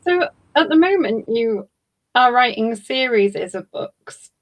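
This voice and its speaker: Fairly high-voiced woman interviewer. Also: lively intonation, takes it slowly. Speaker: book club interviewer. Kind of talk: casual interview questions.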